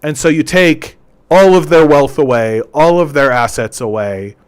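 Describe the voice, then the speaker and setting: A man delivers a political commentary monologue, ranting in a sarcastic way. He trips over his words and repeats himself as he pushes his points. His voice sits a little higher than most men's. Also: a little slow, clean tone. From Canada.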